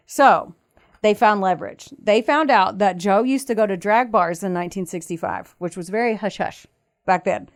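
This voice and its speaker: A woman's voice: mid-range voice, normal speed. A woman co-hosting a casual podcast, walking through a true-crime case in a chatty, storytelling way. She acts out the people she quotes and laughs often. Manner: animated retelling, acts out quotes, frequent laughter. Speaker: podcast co-host.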